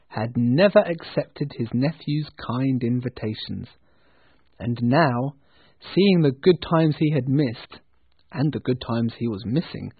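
A man narrating a storybook in a slow, expressive way. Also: medium pitch, husky, dry recording. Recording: tinny phone-like sound.

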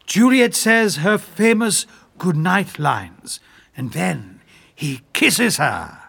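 Cast note: a high-voiced, slow-speaking, patient drama teacher. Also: male voice, vocal fry, slightly rough, exaggerated voice. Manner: calm, directing.

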